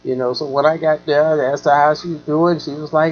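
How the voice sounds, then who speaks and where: A man's voice: a little high, fairly even intonation, fairly quick, hardly any pauses, muffled recording. A man hosting a talk show, telling a rambling story in a casual way, full of "you know", and acting out the people in it.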